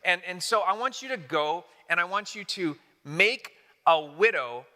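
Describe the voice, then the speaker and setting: A man's voice: high-pitched, lively intonation, measured pace, bright, forceful tone, in a large hall, heavily acted. A man voicing God, coaxing and patient.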